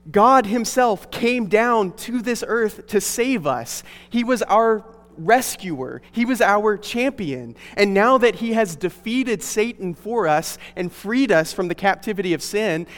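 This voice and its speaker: A pastor delivering an earnest, emphatic sermon to his congregation in a church. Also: sits high. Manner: earnest, emphatic preaching with rising stresses. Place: church sanctuary. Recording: long hall reverb.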